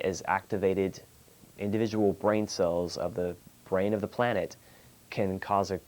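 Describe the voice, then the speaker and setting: A man's voice: low voice, darkish tone. A man with a Texan accent hosting a call-in show, talking about spirituality in a meandering way with many fillers and restarts. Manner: clears throat often. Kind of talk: unscripted spiritual talk.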